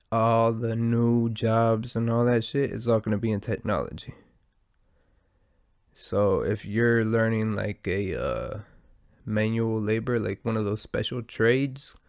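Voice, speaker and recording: A man's voice: fairly low pitch, creaky, darkish tone, dry recording, clean studio sound. A man hosting a podcast, rambling casually with lots of swearing, his nose stuffed and a bit out of breath. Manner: profane, meandering, laid-back. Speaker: podcast host.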